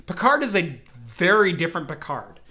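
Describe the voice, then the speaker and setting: A man's voice: sits high, very animated, normal speed, sharp tone. A man hosting a casual tech podcast from home, rambling with lots of fillers and restarts. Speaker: podcast host. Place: home, broadcasting remote.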